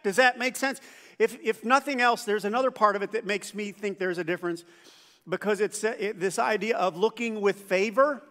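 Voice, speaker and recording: A man's voice: sits high, brisk, bright, forceful tone. A man preaching a sermon as pastor, talking conversationally, asking the congregation questions and acting out quoted voices. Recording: church hall with long reverb.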